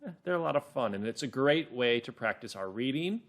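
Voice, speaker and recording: A man's voice: mid-range voice, lively intonation, brisk. A man teaching children, reading a story aloud, explaining words and encouraging them.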